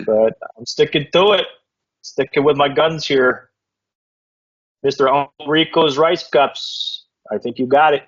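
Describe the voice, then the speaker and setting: A man's voice: fairly high pitch, unhurried. A man casually co-hosting a fantasy football recap, laid-back and rambling, laughing often. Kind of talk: casual chat. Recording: dull lo-fi recording.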